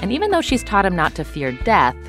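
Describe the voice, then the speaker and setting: A woman podcast host asking measured, deliberate questions and reading a scripted outro. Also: medium pitch, wildly swooping pitch, fairly bright tone, soft background music.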